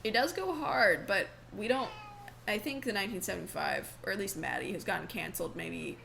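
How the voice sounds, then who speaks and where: Gravelly-voiced young woman chatting casually. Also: mid-range voice, expressive, fairly quick, sharp tone, a little hiss or hum, rough recording. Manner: chatty, giggly, slangy. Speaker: podcast co-host. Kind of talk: casual chat.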